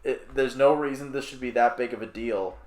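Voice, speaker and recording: A young man co-hosts a film podcast in a loose, rambling way. He leans on fillers and quick asides, and his mid-pitched voice carries a roomy echo. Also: a little mellow. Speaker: podcast co-host. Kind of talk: casual film review chat.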